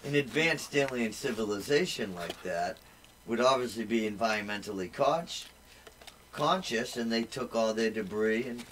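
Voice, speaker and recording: A man chatting on a radio talk show, making wry, deadpan jokes. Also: medium pitch, moderate pace, poor audio. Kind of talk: casual chat. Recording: faint noise with clicks.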